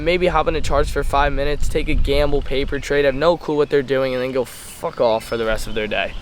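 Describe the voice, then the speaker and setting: A teenage boy with a fairly high voice, lecturing hard and swearing freely as he walks outside. The phone recording picks up a faint hum of outdoor ambience behind him. He talks straight at the listener, pushing and challenging. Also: poor audio. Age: teens. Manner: blunt, profane, fired-up, lectures the viewer directly. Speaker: trading mentor vlogger. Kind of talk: intense motivational rant. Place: outdoors at a playground.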